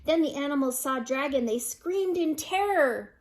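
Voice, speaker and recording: A woman's voice: high-pitched, animated, normal speed. An older woman reading a picture book aloud to children, amused and breaking in with chatty asides. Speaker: storyteller.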